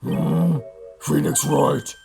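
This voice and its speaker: A man doing a shouting Brooklyn thug. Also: on the high side, fairly even intonation, drawn-out words, noisy background, heavily acted. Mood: gruff. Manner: brash, shouting, gruff. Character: loud threatening male loan-shark thug.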